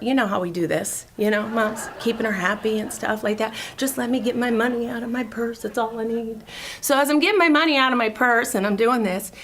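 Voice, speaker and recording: A woman's voice: a little high, pushed and bright. A woman in her thirties hosting a talk show, telling a confessional story to a studio audience in a chatty way. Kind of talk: comedic monologue to a studio audience.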